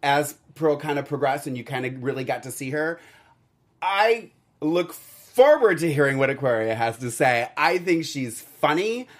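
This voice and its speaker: A man with a slightly higher voice than most men hosts a relaxed podcast conversation. He talks in a chatty way, fills pauses with "um" and "yeah," and steers the discussion to his co-hosts. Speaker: podcast host. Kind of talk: casual podcast chat.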